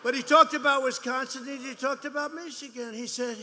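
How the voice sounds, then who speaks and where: Man, rally speech, repetitive, mocking, very bright sharp tone, faint background noise. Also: extremely high pitch, fairly even intonation, brisk, hardly any pauses. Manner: rambling, repetitive, mocking and boastful. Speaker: politician addressing supporters. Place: large indoor rally venue. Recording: long hall reverb, faint background noise.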